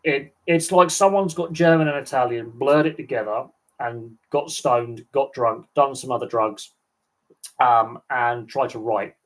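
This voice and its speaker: A man from England hosting a live stream, chatting casually in a rambling, animated way. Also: medium pitch, a little slow. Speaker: host.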